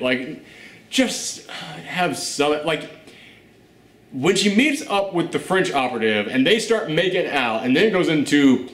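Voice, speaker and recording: A man's voice: on the high side, big pitch swings, unhurried, a bit bright. A man hosting a casual film review chat, blunt and sarcastic, swearing freely as he picks the movie apart. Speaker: film review show host. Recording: roomy echo.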